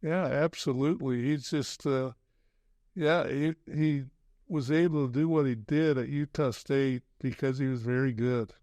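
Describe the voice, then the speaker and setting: Gravelly older man, halting interview talk. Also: medium pitch, fairly even intonation, a little mellow, no echo. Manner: halting, many restarts and "you know". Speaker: podcast guest, former basketball coach. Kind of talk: casual interview chat.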